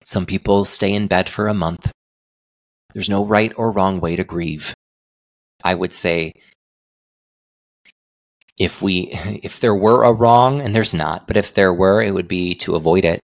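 Low gravelly man, earnest podcast host. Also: measured pace, pauses often, dry recording, clean studio sound. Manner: earnest, reflective, many restarts. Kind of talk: solo podcast talk.

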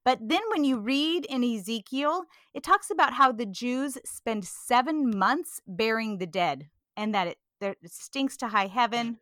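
A woman from California talking earnestly about scripture in a casual discussion, animated and quick to laugh. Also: on the high side, no room sound, studio quality.

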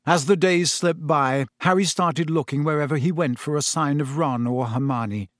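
A man narrating an audiobook in a steady storytelling voice, recorded on a close studio mic. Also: on the high side, moderate pace, no echo. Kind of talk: scripted narration.

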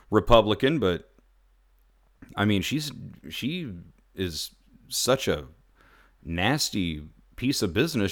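A man's voice: mid-range voice, a bit bright. Sarcastic ranting male radio host. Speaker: radio talk show host. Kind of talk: opinion radio monologue.

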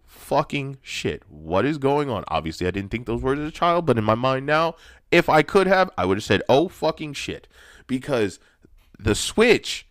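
A man hosting his own podcast, telling personal stories in a ranty, profane, animated way that gets loud when he is excited. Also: medium pitch, no echo, studio quality. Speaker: podcast host. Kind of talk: ranty personal storytelling monologue.

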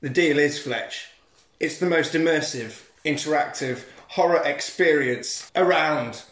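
A man's voice: a little high, measured pace, a bit bright, roomy sound. Sweary man recapping a film. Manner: sweary, acts out characters in silly voices. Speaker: podcast co-host. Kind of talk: casual comedic film recap.

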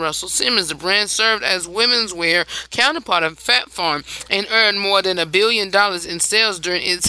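A talk host with a very bright, crisp, smooth voice reads news stories in a loose, chatty way. The host keeps breaking off to talk straight to the listeners and sounds a bit tired throughout. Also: mid-range voice, rough recording. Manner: reads headlines with chatty asides to listeners, laughs, restarts. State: tired, yawning. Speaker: host of a news and gossip segment. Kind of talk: casual chatty news reading.

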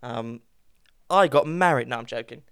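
A man's voice: mid-range voice, normal speed, vocal fry, a bit bright, clean tone, no echo, clean studio sound. A young man co-hosting a podcast in casual chat, jokey and teasing, full of playful fake-outs. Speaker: podcast co-host.

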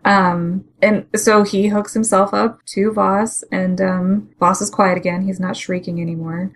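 A woman's voice: medium pitch, flat delivery, a little slow. A woman co-hosting a podcast, chatting casually and with a laugh as she recaps a comic and paraphrases its characters. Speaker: podcast co-host.

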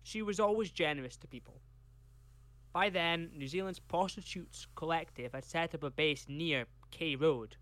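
A man's voice: on the high side, moderate pace, a bit bright. A Scottish man co-hosting a podcast, reading case notes from a script and breaking off for chatty tangents. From Scotland. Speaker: podcast co-host.

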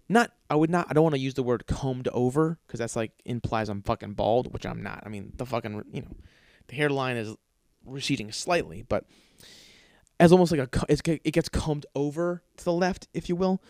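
A man's voice: mid-range voice, moderate pace, darkish tone, dry recording. Profane ranting man, dry close sound. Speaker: podcast host. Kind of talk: comedic rant.

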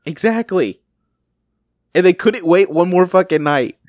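A man's voice: sits high, measured pace, no echo. A man co-hosting a casual TV recap chat, cursing freely and laughing often. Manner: profane, animated, laughs often. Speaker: podcast co-host.

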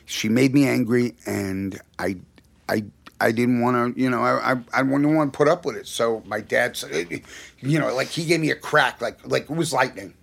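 A middle-aged man, a music producer, telling an animated story and acting out the quotes, with many restarts. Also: medium pitch, normal speed, creaky. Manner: acts out quotes, restarts often.

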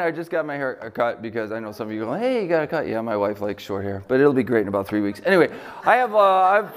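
A middle-aged man from Buffalo preaching a sermon as pastor, conversational and joking, with lively swings in pitch. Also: quick pace, clean tone. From Buffalo, New York.

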